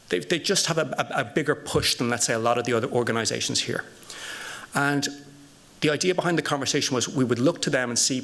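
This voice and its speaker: A man speaking on a conference panel, with a gravelly edge to his voice. He talks in a storytelling way, building his point through anecdotes and rhetorical questions. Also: medium pitch, a bit bright.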